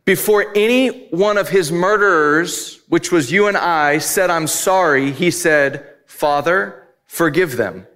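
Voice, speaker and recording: A man's voice: high-pitched, unhurried, hardly any pauses, a bit bright. A married man preaching a sermon, telling a personal story candidly and building to emphatic points. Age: adult, married. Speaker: pastor.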